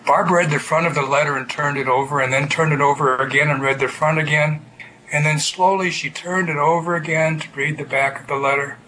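Guy reading a story out loud, bright forceful voice, bit high, faint hiss behind. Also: steady tone, a little fast, poor audio. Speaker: narrator.

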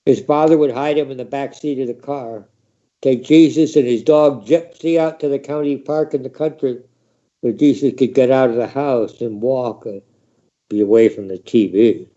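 A man reading a story aloud in a measured, wry spoken-word style, quoting the characters dramatically. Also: mid-range voice, warm tone, highs cut off. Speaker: reader.

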